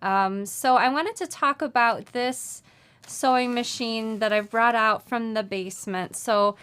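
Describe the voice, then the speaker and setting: A woman's voice: mid-range voice, a bit bright, clean tone. Chatty woman hosting a sewing show. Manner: chatty, friendly, with many fillers. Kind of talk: casual live-stream chat. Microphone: mic moved during the show, distant at first. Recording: sounds distant from the mic at first.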